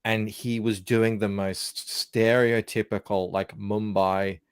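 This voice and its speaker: A man's voice: fairly low pitch, level tone, takes it slowly, clean tone, dry recording, clean studio sound. A man in casual chat, teasing his co-host and telling stories. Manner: teasing, storytelling.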